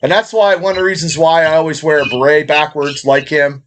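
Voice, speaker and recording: Profane, rambling podcast co-host. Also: male voice, fairly high pitch, steady tone, a little fast, a bit bright, slight background noise. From Indiana, USA. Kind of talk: casual podcast chat.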